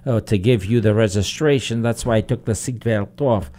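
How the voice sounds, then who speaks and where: A flustered husband making excuses in broken English, played by a man telling a joke. He sounds sheepish and a touch louder than usual. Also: lowish voice, normal speed, lightly acted. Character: flustered husband pleading with a police officer.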